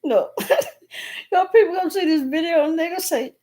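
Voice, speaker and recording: Woman, live stream host, high voice, keeps breaking into laughter. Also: normal speed, darkish tone. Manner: laughing helplessly, speaking in fits between laughs. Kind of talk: casual live chat with viewers.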